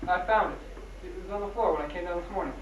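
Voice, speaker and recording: A man's voice: high-pitched, fast talker, background noise, close to an everyday voice. An actor playing a nervous young man accused of murder in an old film, denying it defensively. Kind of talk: 1940s film acting. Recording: echoey, distant, dull old film soundtrack.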